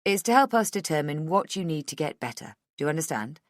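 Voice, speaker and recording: A woman voicing a calm, gentle middle-aged male doctor in an audiobook, asking questions softly and slowly. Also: deep voice, no echo, clean studio sound. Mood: gentle, clinical. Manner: soft, slow, reassuring questioning. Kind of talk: audiobook dialogue.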